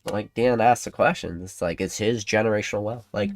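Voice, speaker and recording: A man hosting a livestream, ranting excitably to his chat, laughing often and swinging between loud outbursts and hushed asides. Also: on the low side, fairly quick. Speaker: livestream host.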